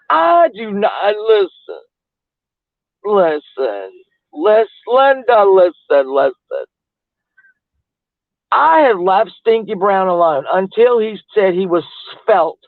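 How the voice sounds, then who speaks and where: A woman's voice: mid-range voice, very animated, takes it slowly, long pauses, no room sound. Gossipy woman on tinny phone audio. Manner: gossipy, rambling, laughs often. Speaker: livestreamer. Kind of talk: casual rambling chat with viewers.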